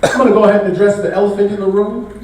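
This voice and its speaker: A Bay Area man riffs with the crowd in a loose, conversational stand-up set at a live comedy show. His voice is high, steady, and darkish, and he talks rapid-fire from far off the mic. The large venue is very echoey, captured from a distance with faint noise.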